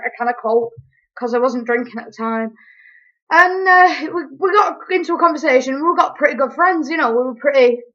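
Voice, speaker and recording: Young woman, high pitch, chatty, animated. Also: dull audio. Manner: animated, chatty, quick asides. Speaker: vlogger. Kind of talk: casual storytelling.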